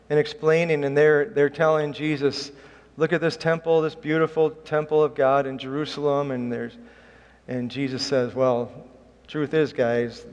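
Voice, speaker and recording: A man's voice: mid-range voice, a little mellow, muffled recording. A middle-aged man preaching a sermon as a pastor, earnest and emphatic, pushing his voice up on key points. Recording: reverberant hall.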